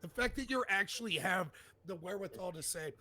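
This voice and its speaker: A man co-hosting a live stream, joking and talking in an animated way. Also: high voice, a little fast. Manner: animated, joking, mock-sincere. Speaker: stream co-host. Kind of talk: casual live-stream banter.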